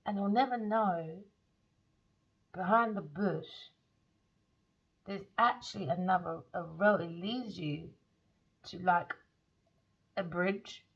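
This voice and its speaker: A woman talks through a tarot reading in a rambling, emphatic monologue full of slang. Her voice has a gravelly fry to it. The recording sounds dull and lo-fi. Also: lowish voice, slow pace, pauses often. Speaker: tarot reader.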